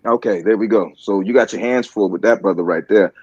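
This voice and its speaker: A man's voice: fairly low pitch, darkish tone, dry recording, highs cut off. A man with a Baltimore accent giving casual, joking sports opinions, full of fillers and restarts. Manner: halting, filler-heavy, joking. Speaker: panelist on a sports talk stream.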